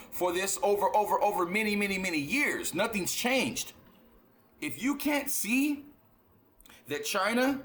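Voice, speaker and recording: Blunt, profane man, bright voice. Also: high voice. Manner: blunt, profane, emphatic, repeats words. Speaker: reaction channel host. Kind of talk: casual reaction monologue.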